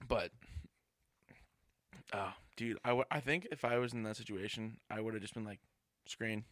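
A young man co-hosting a casual podcast, chatting in an animated, jokey way. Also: on the low side, normal speed, dry recording, clean studio sound. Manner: animated, jokey, acts out scenes. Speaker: podcast co-host. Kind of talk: casual chat.

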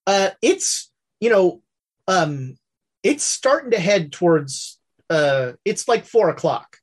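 A woman narrating a tabletop western role-play as game master, halting and full of fillers. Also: lowish voice, very animated, slightly rough.

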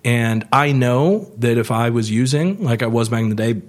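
Man, podcast guest, animated storyteller, middle pitch, swears freely. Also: normal speed. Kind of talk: casual storytelling.

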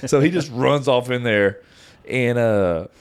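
A man around forty, co-hosting a podcast in loose, casual chat. He tells stories with animated energy and keeps breaking into laughter. His voice sits at an everyday pitch. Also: measured pace, clean tone. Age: 40s. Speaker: podcast co-host.

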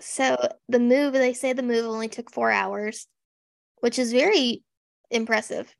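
A woman's voice: on the high side, a little slow, vocal fry, no room sound, clean studio sound. A woman co-hosting a podcast, chatting sarcastically about a TV special with lots of "like" fillers. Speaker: podcast co-host. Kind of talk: casual chat recapping a TV special.

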